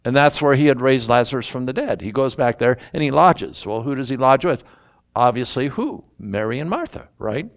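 A man's voice: mid-range voice, expressive, moderate pace. A man teaching the Bible verse by verse in a conversational, musing way, openly admitting what he doesn't understand.

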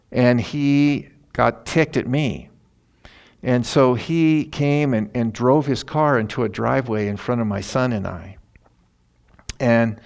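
A middle-aged man, a pastor, telling a story in a sermon in an earnest, animated way. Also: medium pitch, gravelly. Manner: earnest, animated retelling with emphatic rises.

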